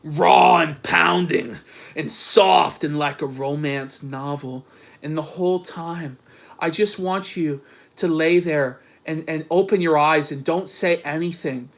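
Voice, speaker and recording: A man voicing a grown man who sends earnest romantic texts, read in a low, mock-earnest way. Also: slow, vocal fry.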